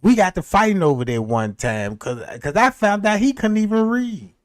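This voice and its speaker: A man's voice: high-pitched, very animated, normal speed. A man telling a rambling, profane anecdote in casual storytelling, laughing often. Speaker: streamer.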